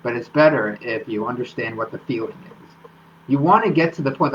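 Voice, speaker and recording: A man's voice: medium pitch, a bit bright. Male running-coach host, live-stream talk, explanatory, slightly dull audio with faint noise. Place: home studio.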